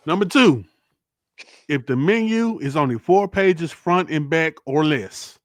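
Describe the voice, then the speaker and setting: A man's voice: a little high, animated, measured pace, dry recording, clean studio sound. A man hosting a podcast in casual chat, playfully running through a list with mock-serious verdicts. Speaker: podcast host.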